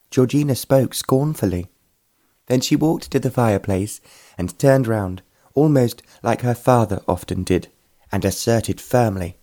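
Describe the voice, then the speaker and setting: A man narrating a period romance novel in a measured, even storytelling manner. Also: lowish voice. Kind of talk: scripted audiobook narration.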